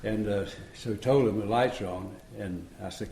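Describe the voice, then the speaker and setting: This man in his seventies has a fairly low, mellow voice with lively intonation and a fairly quick delivery. He tells his recovery story to a meeting room with folksy chuckles and acted-out dialogue, recorded live in a roomy space.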